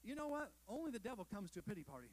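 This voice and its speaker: A man's voice: high-pitched, sing-song, racing, a little mellow, rough recording. A male pastor preaching a sermon in a conversational way, with rhetorical questions, asides and self-deprecating jokes to the congregation.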